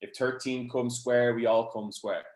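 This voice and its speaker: Male coach and host, even mid-range voice, explanatory, echoey room. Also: medium pitch, unhurried. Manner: explanatory, steady coaching talk. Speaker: rugby coach, webinar host. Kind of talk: webinar analysis.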